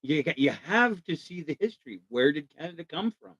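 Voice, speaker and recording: Dry, close-miked enthusiastic host. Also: male voice, fairly high pitch, very animated, fairly quick, fairly bright tone, breathy edge, no room sound, highs cut off. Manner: enthusiastic, talks to viewers in chat, acts out quoted voices. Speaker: live show host. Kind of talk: casual live-stream chat.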